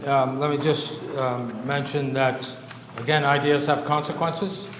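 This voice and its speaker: A man's voice: medium pitch, steady tone, measured pace, crowd noise. A man giving an informal church lecture from an outline, talking conversationally with fillers and asides and often checking in with "okay?". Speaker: lecturer at a church Bible institute. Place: church hall. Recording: roomy hall echo, faint noise.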